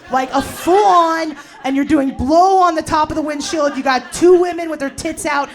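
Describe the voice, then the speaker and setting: A woman in her forties doing a stand-up set in a bar, ranting loudly and profanely with slangy fillers. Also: high voice, moderate pace. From New Jersey. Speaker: stand-up comedian. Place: bar in front of a live audience. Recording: live crowd laughing in a bar. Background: audience laughter.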